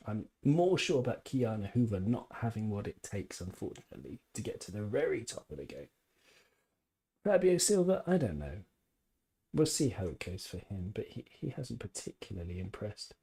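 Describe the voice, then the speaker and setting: Man, podcast host, casual live-stream chat, rambling, opinionated, jokey, mellow, slightly husky. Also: on the low side.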